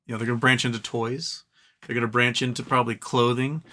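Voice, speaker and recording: Male stream host, bright tone, loose rambling delivery with lots of ums. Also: mid-range voice, level tone, quick pace. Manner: rambling, reads viewer comments aloud, frequent ums. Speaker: livestream host. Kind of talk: casual live-stream chat.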